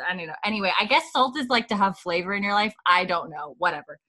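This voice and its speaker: A woman's voice: medium pitch, quick pace, few pauses, bright, forceful tone. A woman from Canada, a podcast co-host recapping a TV episode in casual chat, laughing often and acting out lines. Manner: chatty, laughs often, acts out quoted lines.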